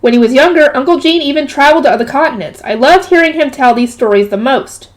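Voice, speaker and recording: A woman's voice: sits high, quick pace. A woman reading a light novel aloud, stopping often to add casual jokey comments. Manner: breaks off to comment and joke. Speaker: reader.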